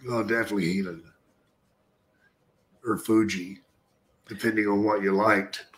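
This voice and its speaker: A man's voice: on the low side, fairly even intonation, normal speed. An older man, a retired wrestler, telling stories in casual, blunt and profane podcast chat. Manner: blunt and profane, chuckling often.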